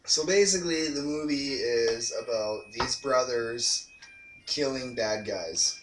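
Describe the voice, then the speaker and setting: A man co-hosting a casual movie review chat, easygoing and quick to laugh. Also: mid-range voice. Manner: easygoing, laughs often, agreeable. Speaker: co-host of a movie review show. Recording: echoey room, distant mic, noisy.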